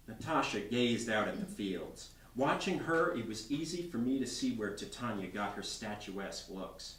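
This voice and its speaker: A man's voice: fairly low pitch, animated, normal speed, hardly any pauses, fairly bright tone, a little hiss or hum. A man, a novelist, reading his novel aloud expressively at a bookstore. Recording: roomy bookstore from far off.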